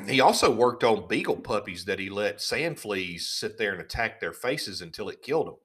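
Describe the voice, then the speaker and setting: Indignant man ranting with a lively voice. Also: on the low side, moderate pace, husky. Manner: indignant, sarcastic, repeats himself. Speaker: podcast host. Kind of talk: casual ranting commentary.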